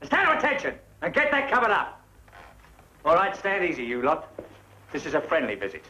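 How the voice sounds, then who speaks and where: A barking army officer. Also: male voice, fairly high pitch, sing-song, fairly quick, fairly bright tone, slight background noise, poor audio. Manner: clipped, commanding. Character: brisk, barking British army officer, man. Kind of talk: 1950s film comedy acting.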